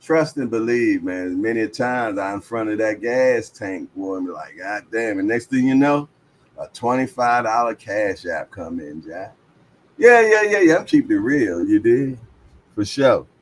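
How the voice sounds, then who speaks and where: A man's voice: lowish voice, a little slow, a little hiss or hum. Laid-back slangy livestream host, man. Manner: laid-back, talkative, slangy, reads chat aloud. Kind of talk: casual livestream chat.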